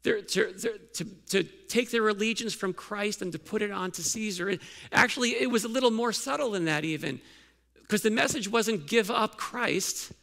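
A man's voice: high-pitched, normal speed, creaky, fairly bright tone. A male pastor giving a sermon in a conversational way, asking the congregation many questions and restarting his sentences.

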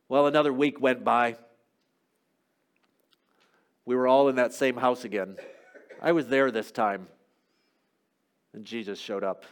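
A man preaching a sermon as a first-person dramatic monologue, telling the story and swinging from loud to hushed. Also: mid-range voice, fairly even intonation, measured pace, long pauses.

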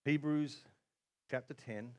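A man preaching a sermon, animated, often acting out quotes in other voices. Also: medium pitch, takes it slowly, muffled recording. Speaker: pastor.

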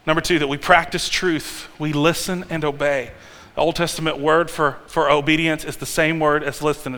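A male pastor preaching a sermon in a conversational, animated way, with restarts and sudden loud peaks. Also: a little high. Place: church sanctuary. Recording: long hall reverb.

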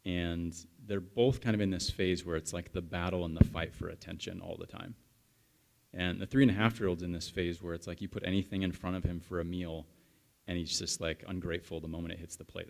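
A man's voice: sits low, steady tone, a little fast, creaky, a little mellow. A man in his thirties, a pastor, giving a conversational sermon and telling a story while chatting with the congregation.

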